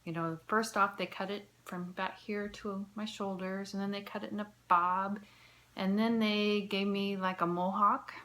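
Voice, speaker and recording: A woman's voice: medium pitch, steady tone, moderate pace, bright, forceful tone. A woman in her fifties telling a personal story to camera in an earnest, heartfelt way, sometimes dropping to a near whisper. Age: 50s. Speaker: vlogger.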